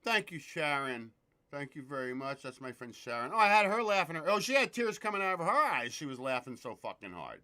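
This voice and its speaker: Very animated and a little fast, this man's slightly high, sharp-toned voice carries a loose live show. As host he jokes around, curses and calls out viewers by name in casual stream chat.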